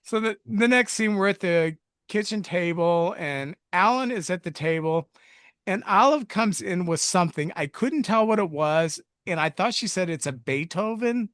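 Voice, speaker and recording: Speaking at normal speed, a man with a high, fairly bright, clear and resonant voice recaps a film's plot for a review podcast he co-hosts. The chat is casual, rambling and jokey, full of self-mocking asides, captured dry at studio quality.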